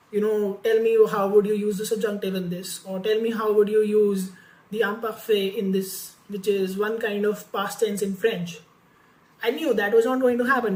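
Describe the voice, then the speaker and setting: A woman's voice: fairly high pitch, roomy sound, poor audio. A woman vlogger telling a candid personal story about learning French, talking casually with many fillers and restarts.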